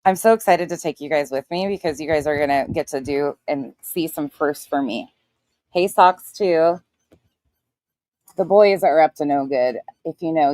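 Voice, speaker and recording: A woman's voice: lowish voice, a little mellow, no room sound, clean studio sound. Blunt, profane woman in her forties. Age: 40s. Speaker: livestream host. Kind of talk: casual livestream chat greeting viewers.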